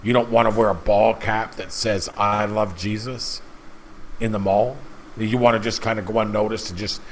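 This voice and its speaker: A man's voice: lowish voice, steady tone, normal speed, poor audio. Man, fervent preaching, repeats and restarts, faint hiss behind. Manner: emphatic, repetitive, stumbles and restarts. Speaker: channel host. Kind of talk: impassioned preaching monologue.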